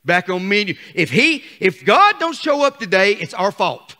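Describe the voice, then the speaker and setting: A man's voice: sits high, sing-song, moderate pace. Fervent older preacher man. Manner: fervent, calls on the congregation, rising to shouts. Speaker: pastor. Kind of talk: sermon.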